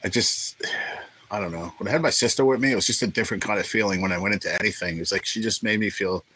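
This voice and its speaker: Guy on a livestream, kinda low voice but bright n sharp, jokes around and cusses a lot. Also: fast, slightly rough, low-quality recording. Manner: joking, rambling, swears freely. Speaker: livestream host. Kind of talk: casual chat with viewers.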